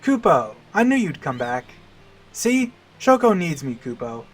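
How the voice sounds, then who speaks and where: A man voicing a small, excitable moogle creature in a game, high and eager, tacking a little cry onto his lines. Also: a little slow. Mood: triumphant.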